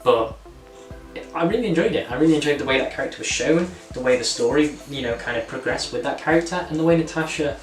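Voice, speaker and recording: In a casual movie review, a channel host talks enthusiastically and rambles with lots of fillers, his voice animated, on the high side, and quick. The recording has music in the background and comes from a distant mic in an echoey room.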